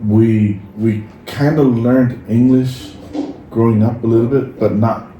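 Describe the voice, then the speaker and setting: A man's voice: medium pitch, measured pace. Man, echoey distant mic. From Samoa. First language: Samoan. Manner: animated storyteller who acts out quoted lines. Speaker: podcast co-host. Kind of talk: casual storytelling chat. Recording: echoey room, distant mic, faint noise.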